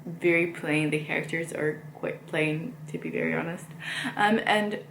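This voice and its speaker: A woman's voice: sits low, moderate pace, vocal fry, fairly bright tone, reverberant, slight background noise. A woman chatting casually about books she read and plans to read, rambling with frequent fillers. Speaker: book vlogger. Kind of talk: casual book chat.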